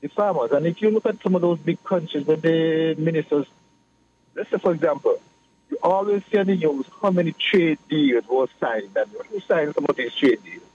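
A man, a political guest explaining his views in a measured way on a radio talk show. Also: a little high, a little mellow. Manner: measured, explanatory, repeats phrases. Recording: muffled radio broadcast with faint hiss.

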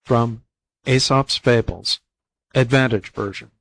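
A man reading fables aloud as a volunteer audiobook narrator, in plain, even storytelling. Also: mid-range voice, slow pace, creaky, poor audio.

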